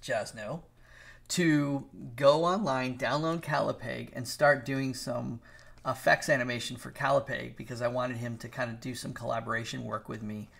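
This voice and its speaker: A man's voice: mid-range voice, fairly even intonation, moderate pace, vocal fry, a bit bright. A middle-aged man streaming live as an animator, chatting casually and rambling while he draws, greeting and teasing viewers by name. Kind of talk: casual livestream chat while drawing.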